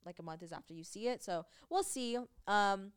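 A woman's voice: medium pitch, lively intonation, normal speed, clean tone. A young woman co-hosting a podcast, chatting casually with lots of fillers and bursts of laughter. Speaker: podcast co-host. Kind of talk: casual chat.

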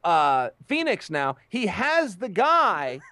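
A high-pitched man tells a story in loose, casual chat, tripping over and repeating his words as he rushes along. His voice is dry and close, with no room sound around it. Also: dry recording. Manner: lively storyteller who stumbles and repeats words. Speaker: guest on a talk show.

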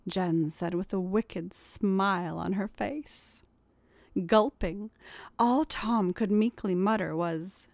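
A woman reads a scripted story at an unhurried, slow pace, calm and even, sometimes dropping into a hushed aside. Her voice sits close to the mic in a dry space with no room echo. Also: medium pitch, gravelly.

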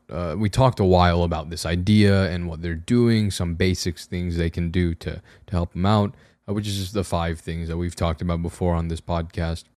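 A young man with a very low, slightly raspy voice hosts his own podcast alone. He rambles in a wry, self-deprecating way, restarting his sentences often. The sound is close and dry, with no room echo. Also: a little mellow. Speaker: podcast host. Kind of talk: casual solo podcast monologue. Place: room at home with a camera on a tripod.

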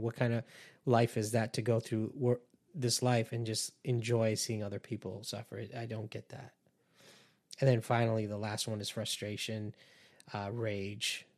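A man hosting a podcast, talking to listeners in an earnest, conversational way and warning them. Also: fairly low pitch. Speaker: podcast host and empath coach. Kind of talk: casual podcast monologue.

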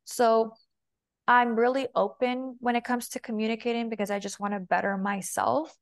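Chatty young woman with a gravelly edge. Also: on the high side, little pitch movement, moderate pace. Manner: chatty, heavy use of "like", quotes herself and her partner. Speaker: guest, femininity and body language coach. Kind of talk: casual podcast interview.

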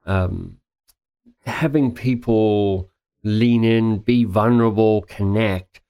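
A man's voice: fairly low pitch, takes it slowly, warm tone, clear, resonant tone. A man hosting a podcast interview, enthusiastic and joking in casual chat. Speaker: podcast host.

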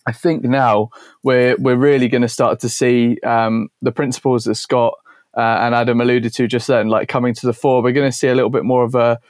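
A man's voice: mid-range voice, flat delivery, brisk, darkish tone, no room sound, studio quality. A man casually analysing football on a podcast, with frequent fillers. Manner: confident, hesitant fillers. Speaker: podcast co-host.

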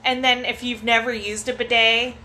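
A woman's voice: a little high, level tone, normal speed, pushed and bright, slight background noise. A woman chatting casually, giggling often and swearing offhandedly while she tells gift stories. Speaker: conversation partner, a parent. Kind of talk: casual chat.

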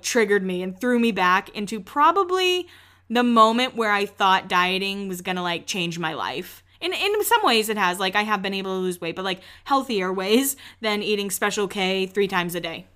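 Bright-voiced chatty woman podcaster. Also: mid-range voice, lively intonation, normal speed. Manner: chatty, opinionated, swears casually. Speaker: podcast host. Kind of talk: casual episode recap.

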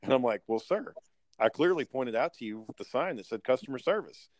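A man's voice: mid-range voice, expressive, a little fast, no echo. A man telling a blunt, profanity-laced story in casual chat.

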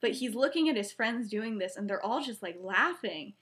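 A woman's voice: fairly high pitch, lively intonation, normal speed, fairly bright tone. A young woman co-hosting a podcast, casually retelling a story with many fillers and acting out the quoted lines. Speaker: podcast co-host.

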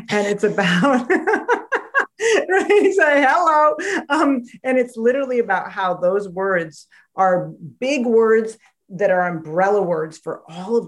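A woman author, a guest on a podcast, talking in an animated storytelling way and acting out quoted voices. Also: lowish voice. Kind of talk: podcast interview conversation.

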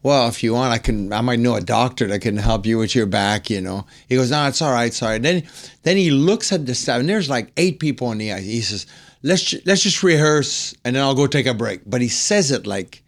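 A man guest on a podcast, telling a story and acting out the quotes in different voices. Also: a little fast. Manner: acts out quotes, swings higher when excited. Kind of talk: animated storytelling.

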